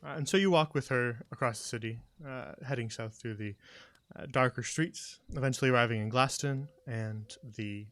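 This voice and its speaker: A game master narrating a tabletop game, relaxed with frequent fillers. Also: medium pitch.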